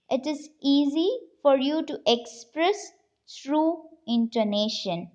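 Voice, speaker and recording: A woman teaching an English lesson to children, speaking deliberately and reading a story aloud. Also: high-pitched, dull audio. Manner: slow, deliberate, addressing children.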